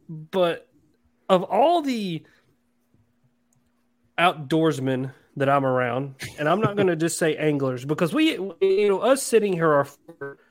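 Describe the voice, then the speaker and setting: A man with a somewhat higher voice, talking casually on a podcast. He is animated and self-deprecating, and he tosses in quick asides as he goes. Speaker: podcast co-host, angler. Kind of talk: casual chat.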